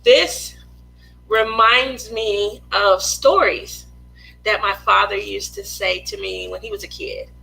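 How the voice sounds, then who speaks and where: A woman's voice: mid-range voice, steady tone, takes it slowly, gravelly, pushed and bright, poor audio. A woman from Las Vegas hosting a casual craft livestream, greeting viewers by name in a playful, chatty, sometimes sing-song way. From Las Vegas, USA. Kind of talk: casual livestream chat while painting.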